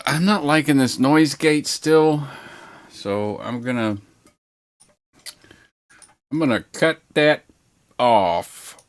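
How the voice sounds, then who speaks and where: A man's voice: on the low side, fairly bright tone. A man casually chatting with viewers on a livestream from his home studio, rambling and laid-back, swearing now and then as he reads the chat aloud. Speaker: livestream host.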